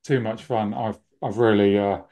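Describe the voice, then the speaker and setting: A man's voice: fairly low pitch, steady tone, moderate pace, dark tone. A man co-hosting a casual podcast over a remote call, jokey and self-mocking in the way he talks. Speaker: podcast co-host.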